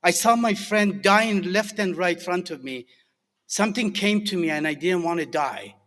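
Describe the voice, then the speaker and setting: Speaking to a group as a recovery alumnus, this middle-aged man from Iran tells his personal recovery story in a Persian accent. He's earnest but halting, full of fillers and restarts, his fairly bright voice sitting high in an echoey hall with a long reverb.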